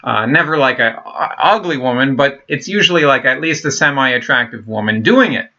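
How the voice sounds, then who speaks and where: A man's voice: mid-range voice, normal speed, sharp tone, muffled recording. A man in his thirties talking in a rambling, blunt casual monologue, full of fillers, restarts and swearing. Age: 30s. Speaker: vlogger.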